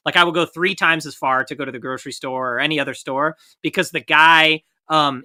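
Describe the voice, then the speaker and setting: A man's voice: a little high, bright, forceful tone. A man co-hosting a podcast, telling wry, self-mocking stories in casual chat. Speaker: podcast co-host.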